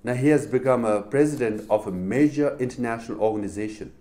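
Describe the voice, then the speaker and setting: Speaking quickly at a medium pitch, this middle-aged public speaker with a Tibetan accent addresses a university crowd. His talk is lively storytelling driven by rhetorical questions.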